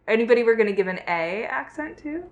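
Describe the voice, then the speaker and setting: A woman's voice: fairly high pitch, expressive, fast talker, highs cut off. Chatty woman co-hosting a film podcast. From northern United States. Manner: frank, chatty, many fillers and restarts. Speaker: podcast co-host. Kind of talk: casual film discussion.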